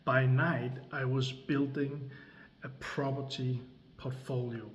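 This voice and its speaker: A man, telling a personal story slowly and deliberately, with long pauses between phrases. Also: mid-range voice, little pitch movement. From Denmark. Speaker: creator and coach. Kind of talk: slow dramatic storytelling.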